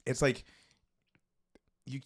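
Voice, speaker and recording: A man co-hosting a live stream in casual chat, teasing his co-host and swearing freely. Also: extremely slow. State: feeling hot.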